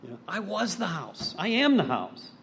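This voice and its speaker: A man's voice: sits high, very animated, moderate pace, vocal fry, a bit bright, a little hiss or hum. Blunt, storytelling man. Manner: acts out quoted voices. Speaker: recovery meeting speaker. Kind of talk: personal recovery talk.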